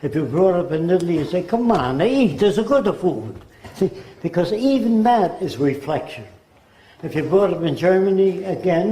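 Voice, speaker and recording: An American man in his nineties gives a conversational public lecture in a lecture hall, occasionally mimicking accents. His voice is fairly high-pitched and mellow, and the hall's roomy echo is audible.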